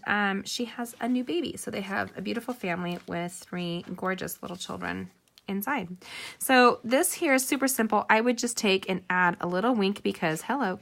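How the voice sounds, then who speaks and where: A woman's voice: medium pitch, vocal fry, a bit bright. A middle-aged woman hosting a casual live card-making tutorial, chatty and rambling with personal asides.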